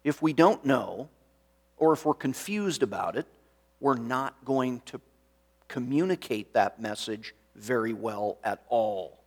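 A man preaching a sermon in a slow, measured way, reading scripture aloud. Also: mid-range voice, lively intonation, breathy edge. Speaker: pastor.

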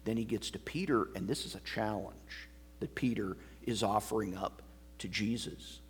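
A man preaching an expository sermon as pastor, explaining a passage line by line in a measured teaching manner. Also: fairly low pitch, breathy edge.

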